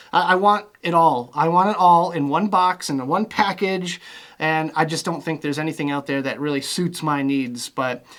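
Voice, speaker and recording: Relaxed rambling vlogger man, slightly high. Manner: relaxed, rambling, filler-heavy. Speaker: vlogger reviewing vape gear. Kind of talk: casual vlog chat.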